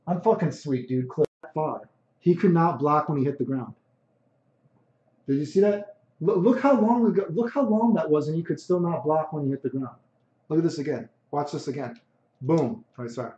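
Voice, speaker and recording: A man's voice: fairly high pitch, moderate pace, mellow. A man streaming a fighting game, commentating in a brash, boastful, profane way. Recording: echoey room, dull lo-fi mic.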